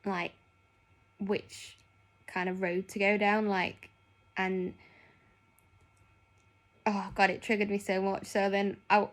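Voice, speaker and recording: A woman's voice: mid-range voice, little pitch movement, a little slow, pauses often. A young woman chatting casually in a vlog, rambling with lots of fillers. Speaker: nurse.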